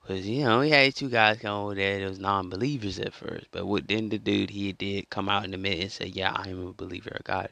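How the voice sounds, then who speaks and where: A man talks straight to his audience in a loose, rambling monologue, circling back over the same phrases. His voice is bright and forceful, and the sound is close and dry, with no room echo. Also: on the low side, vocal fry, smooth. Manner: rambling and repetitive, restarts a lot. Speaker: vlogger. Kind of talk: casual storytelling monologue.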